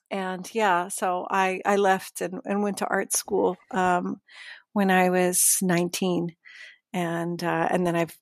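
A middle-aged woman from Pittsburgh, guest yoga teacher, chatting in a relaxed way with many fillers and laughs. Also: on the low side, vocal fry, no room sound, clean studio sound. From Pittsburgh, Pennsylvania. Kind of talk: casual conversation.

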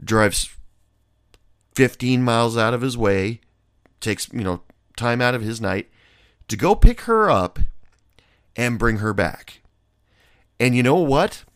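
A man's voice: fairly low pitch, fairly bright tone, no echo, studio quality. A man telling a rambling anecdote in a casual monologue, blunt and swearing freely.

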